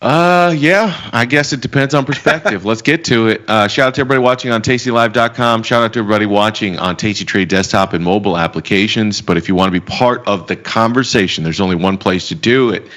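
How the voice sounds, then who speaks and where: A man's voice: on the low side, fairly bright tone. Chatty man hosting a trading show. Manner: chatty, quick asides, frequent laughs. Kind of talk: casual live show banter.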